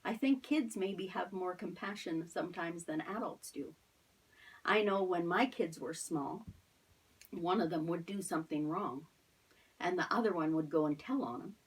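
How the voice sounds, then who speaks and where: Middle-aged woman, children's Sunday school teacher, husky, a bit off-mic. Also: lowish voice, moderate pace, distant mic, poor audio. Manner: animated, asks children questions, drops to soft whispers. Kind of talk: storytelling lesson for children.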